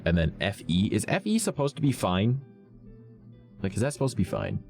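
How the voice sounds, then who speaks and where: A man's voice: very animated, moderate pace, creaky, darkish tone, soft background music. A man, a streamer telling a story to his chat in a blunt, profane, ranting way. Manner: blunt, profane, ranting with big swings in pitch.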